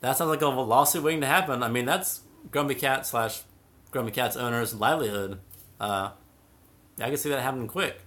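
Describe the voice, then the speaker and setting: A man's voice: mid-range voice, a little fast, fairly bright tone. Chatty young man reading viewer comments. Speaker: cat channel host. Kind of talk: casual live stream chat.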